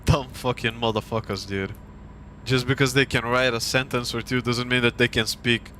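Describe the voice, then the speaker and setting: A man's voice: medium pitch, steady tone, moderate pace, bright, forceful tone, a little hiss or hum. A young man from Bulgaria, a streamer, ranting casually and profanely with a heated, mocking manner.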